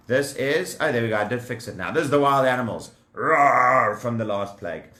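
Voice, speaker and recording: A man telling a story to children, lively and animated, talking straight to the kids and showing them toy props. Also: mid-range voice, echoey room.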